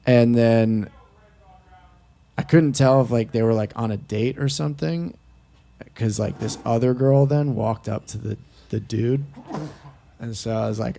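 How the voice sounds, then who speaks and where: A man's voice: medium pitch, a little slow, vocal fry, long pauses, mellow, a little hiss or hum. A young man talking candidly on a podcast, swearing often and filling his speech with "like". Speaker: podcast guest. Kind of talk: casual podcast chat.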